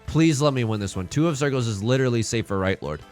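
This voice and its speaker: A man streaming a mahjong game and bantering with his chat in a hyped, self-mocking way, building up jokes and reacting loudly to risky plays. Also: mid-range voice, lively intonation, fast talker, soft background music. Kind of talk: live-streamed mahjong commentary.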